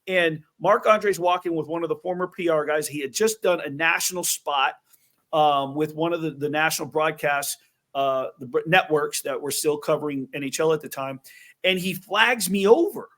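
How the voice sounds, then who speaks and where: A man hosting an interview, telling stories in an animated way with quick asides. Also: fairly high pitch. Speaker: host. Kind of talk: casual interview chat.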